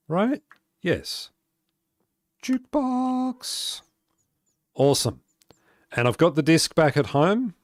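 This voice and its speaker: A man's voice: medium pitch, no room sound. A man streaming a building game, chatting casually, laughing often and answering his chat aloud as he plays. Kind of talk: casual live-stream chat while playing.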